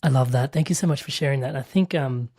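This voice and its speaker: A woman's voice: extremely low pitch, fast, dark tone, breathy edge. An Australian woman hosting a podcast interview, enthusiastic and loose with fillers, on a remote call. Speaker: podcast host. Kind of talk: casual interview.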